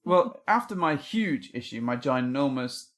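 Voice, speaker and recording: A man's voice: medium pitch, animated, a little slow, a bit bright. A man co-hosting a podcast from home, talking in an earnest, reflective, rambling way. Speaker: podcast co-host. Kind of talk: casual chat. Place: home room. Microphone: podcast microphone.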